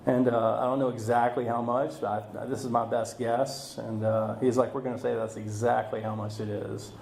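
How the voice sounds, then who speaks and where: A man speaking at a recovery meeting, telling his story in a halting way, full of fillers and restarts. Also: medium pitch, level tone, gravelly, a little mellow. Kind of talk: personal recovery talk. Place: meeting room. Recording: echoey room recording.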